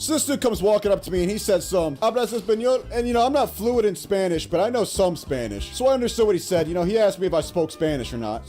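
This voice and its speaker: A man's voice: high-pitched, warm tone. A young man telling crude, rambling comedic work stories, swearing often. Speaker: storyteller. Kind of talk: crude comedic storytime narration.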